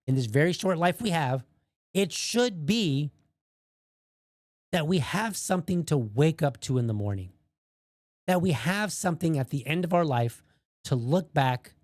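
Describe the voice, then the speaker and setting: A man's voice: on the high side, no echo, clean studio sound. Blunt, heated male podcast host. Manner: blunt, heated, swears freely. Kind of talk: opinion podcast commentary.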